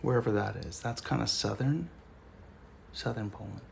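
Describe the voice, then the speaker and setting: A man's voice: lowish voice, moderate pace, gravelly, darkish tone, slight background noise. A man hosting a casual livestream, chatting loosely with viewers and joking as he rambles through stories. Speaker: livestream host.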